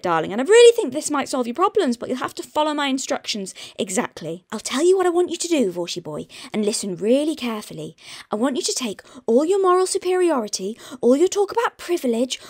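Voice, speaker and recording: An English woman delivering a theatrical, condescending scripted retort. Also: high voice. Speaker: commentary YouTuber.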